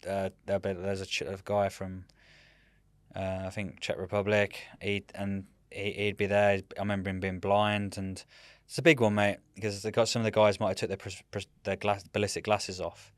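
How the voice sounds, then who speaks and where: A man in his thirties, a military veteran guest, telling rambling, animated stories in casual chat and often saying "mate". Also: sits low, normal speed, no echo. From United Kingdom.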